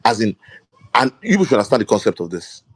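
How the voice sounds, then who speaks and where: A man's voice: fairly low pitch, big pitch swings, a little fast, breathy edge. A man moderating an online audio debate, addressing the listeners directly.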